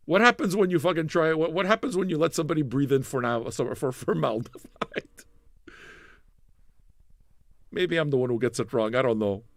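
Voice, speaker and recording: A man hosts a live music stream as a streaming radio DJ, talking at a normal speed with frequent pauses, rambling, cursing freely and joking about viewers' chat messages. He's animated, suddenly gets loud, then drops to a low mumble, all on a dry, clean studio recording.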